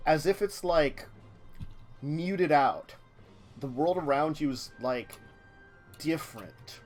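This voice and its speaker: A man's voice: fairly high pitch, expressive, slow pace, soft background music. A man running a tabletop game as game master, narrating loosely and filling his talk with "like". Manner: rambling, many "like" fillers.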